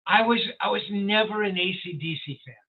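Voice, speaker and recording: Older male journalist guest, high voice, tinny call audio, rambling anecdotal storyteller. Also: brisk. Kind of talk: storytelling interview. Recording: tinny phone-like sound.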